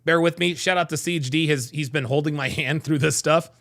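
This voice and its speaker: A man hosting a casual livestream, reading chat and telling profane, animated stories. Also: fairly high pitch, fairly quick.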